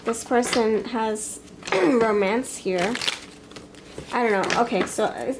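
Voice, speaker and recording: A woman's voice: a little high, slow, background noise. Rambling, frank woman reading tarot cards. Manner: rambling, frank, thinks aloud with fillers and restarts. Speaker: tarot reader. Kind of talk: pick-a-card tarot reading.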